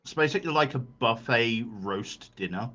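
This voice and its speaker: A man's voice: medium pitch, expressive, normal speed, bright, forceful tone. A man chatting casually before a tabletop game, joking and stammering over his words. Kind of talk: casual chat. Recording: dull lo-fi mic.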